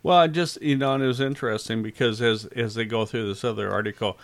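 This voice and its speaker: A man's voice: medium pitch, fast talker. A man in his late sixties co-hosting a casual Catholic radio talk show, rambling with many fillers. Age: 60s. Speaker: co-host.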